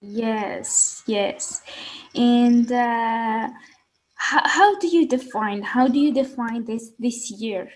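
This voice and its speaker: A woman from Algeria hosting a podcast, asking questions in a halting, affirming way. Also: on the high side, low-quality recording. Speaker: podcast host. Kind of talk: casual interview talk.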